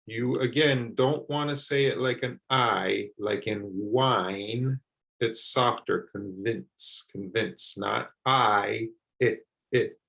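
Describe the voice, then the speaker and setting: A man teaching English pronunciation, repeating words slowly and carefully for learners. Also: medium pitch, vocal fry, fairly bright tone, low-quality recording. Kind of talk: slow, deliberate pronunciation lesson.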